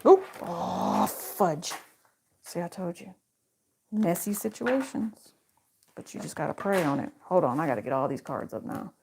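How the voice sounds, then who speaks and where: A woman's voice: lowish voice, big pitch swings, moderate pace, background noise. Chatty woman giving a tarot reading. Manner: chatty, slangy, talks straight to viewers. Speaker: tarot reader. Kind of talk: casual tarot reading to camera.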